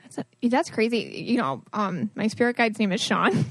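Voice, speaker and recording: A woman hosting a podcast interview in a casual chat, reacting quickly and laughing often. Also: mid-range voice, expressive, dry recording. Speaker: podcast host.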